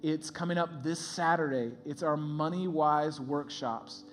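A man preaching a sermon as a pastor in a lively, conversational way, laughing often. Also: fairly high pitch, measured pace, soft background music.

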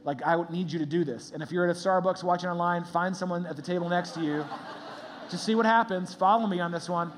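Animated male pastor with a higher voice. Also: fast talker, noisy background. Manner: animated, conversational, laughs often. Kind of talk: sermon.

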